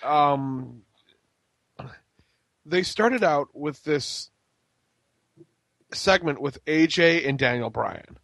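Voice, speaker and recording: A man's voice: a little high, animated, extremely slow, long pauses, a bit bright, dry recording. A man co-hosting a casual wrestling podcast, recapping with jokes and silly quoted voices. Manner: joking, recaps with mock-breathy quotes. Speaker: podcast co-host. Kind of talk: casual chat.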